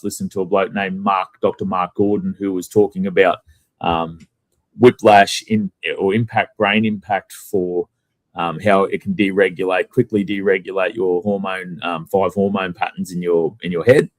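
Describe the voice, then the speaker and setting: A man's voice: low-pitched, no echo. An Australian man telling a rambling story in a casual podcast chat, swearing bluntly. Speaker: guest.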